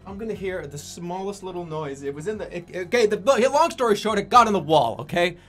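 A man's voice: high-pitched, lively intonation, a little fast, a bit bright, faint music behind. A young man streaming a video game, rambling casually with lots of swearing and laughter. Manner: rambling, profane, laughs a lot. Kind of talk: casual let's-play commentary.

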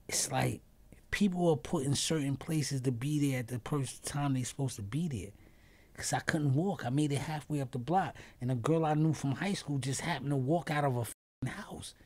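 This husky, medium-pitched man from New York tells a story in casual conversation as a podcast guest. Animated and quick to curse, he performs the quoted voices himself and keeps trailing off, then restarting his sentences.

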